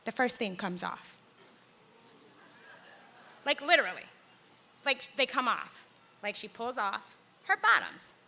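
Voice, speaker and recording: A middle-aged woman telling a personal story on stage in a large hall, acting out the voices with big jumps in pitch. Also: sing-song, slow, creaky, pauses often, bright, forceful tone. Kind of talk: live storytelling performance.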